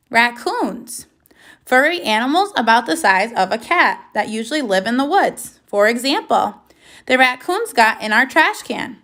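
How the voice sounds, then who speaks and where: A woman teacher giving a recorded reading lesson for young children, slow, clear and encouraging, with lively praise. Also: fairly high pitch.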